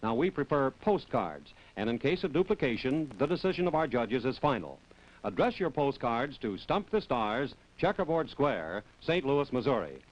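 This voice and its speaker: A man reading the announcements and prize copy for a 1960s television game show in a polished, smooth sales style. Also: medium pitch, big pitch swings, normal speed. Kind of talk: scripted announcer read. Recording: lo-fi 1960s TV broadcast.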